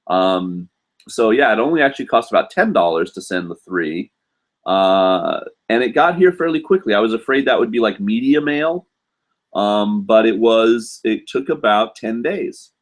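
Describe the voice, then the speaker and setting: A man with a lowish voice hosts a relaxed live stream from home, talking to viewers through a webcam. He rambles easily, stacking ums, uhs and restarts as he goes. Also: moderate pace. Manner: rambling, many fillers and restarts. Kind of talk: casual live-stream chat.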